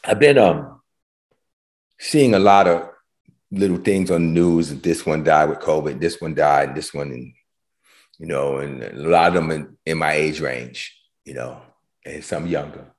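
Guy preaching a sermon, builds up louder and higher, repeats himself a lot. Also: a little slow. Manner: preaching with rising intensity, repeats words. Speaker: pastor.

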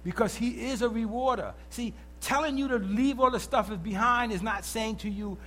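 A man's voice: very high-pitched, normal speed. A male preacher giving an emphatic sermon and calling out questions to the congregation. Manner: animated, emphatic, calls out to the congregation.

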